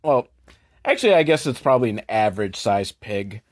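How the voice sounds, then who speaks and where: A man hosting a comedy podcast, sarcastically recapping a film with profanity and quick mock voices for the characters. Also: lowish voice, animated.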